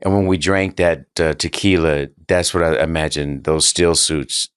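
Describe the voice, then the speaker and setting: A man's voice: rumbling low, fairly even intonation, normal speed, clear, resonant tone, no echo. A man guesting on a comedy podcast, rambling and laughing as he fumbles for words, on a studio mic. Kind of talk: casual comedic chat.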